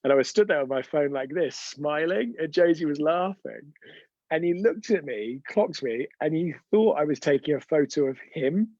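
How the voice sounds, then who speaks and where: A man's voice: on the high side, animated, moderate pace, darkish tone, no echo, lo-fi sound. A man hosting an unscripted live stream, telling chatty, rambling anecdotes with frequent restarts. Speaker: host of a weekly live show.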